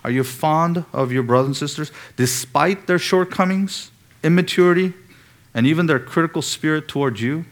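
A man's voice: on the high side, moderate pace. A man preaching an expository sermon, asking the congregation pointed rhetorical questions and pressing on key words.

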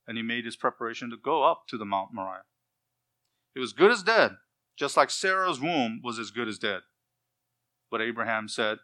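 A male preacher delivers an expository sermon in a bright, forceful voice. He reads scripture aloud and then explains it. He slows down to press home key words. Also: medium pitch, expressive.

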